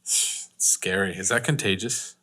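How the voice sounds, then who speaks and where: A man co-hosting a podcast in casual chat, easygoing and quick to laugh. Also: sits low, fairly even intonation, crowd noise. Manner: jokey, laughs often, easygoing. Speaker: podcast co-host.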